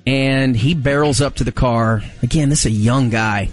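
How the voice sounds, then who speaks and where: Male host in his forties, animated storyteller who acts out the voices. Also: normal speed, soft background music. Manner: animated, acts out quotes with big pitch jumps. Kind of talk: casual storytelling chat.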